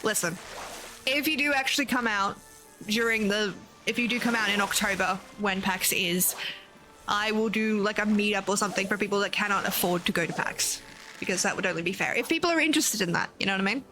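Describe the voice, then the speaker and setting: A woman's voice: medium pitch, a little fast, bright, forceful tone, faint music behind. An Australian woman chatting casually to viewers on a live game stream, swearing freely and thanking viewers as she plays. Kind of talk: casual live-stream chat while gaming.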